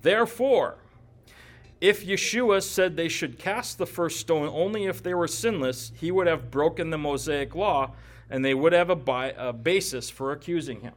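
A man with a rather high voice teaches through a scripture passage verse by verse. He lectures with firm emphasis and now and then drops a dry, joking aside. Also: normal speed. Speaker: Bible teacher.

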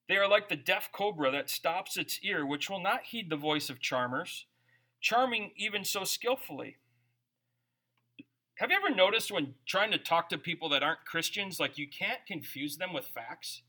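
A man's voice: high-pitched, pushed and bright. A man preaching a conversational sermon, reading scripture aloud and breaking into informal, jokey asides. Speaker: pastor.

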